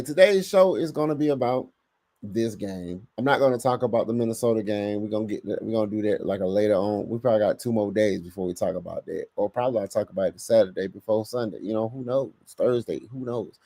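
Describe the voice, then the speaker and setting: A man hosting a casual live sports podcast, reading the chat aloud and talking back to it with lively bursts of emphasis. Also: lowish voice, no room sound, clean studio sound. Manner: animated, talks to chat, bursts of louder emphasis.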